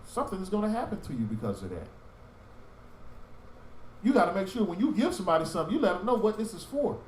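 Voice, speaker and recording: Lively, high-pitched man telling stories. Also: fast, echoey room, recorded from a distance, slight background noise, rough recording. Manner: animated storytelling, acting out street talk. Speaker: teacher of a religious group. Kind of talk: sermon-style Bible teaching.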